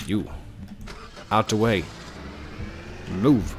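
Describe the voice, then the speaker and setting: A man hosting a gaming video, commentating in an excitable, rushed and joking manner. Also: lowish voice, noisy background. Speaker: gaming channel host. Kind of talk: game commentary.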